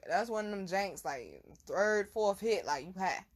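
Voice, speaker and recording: Young woman, casual storytelling, animated, laughing, profane slang. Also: medium pitch, normal speed. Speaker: vlog host.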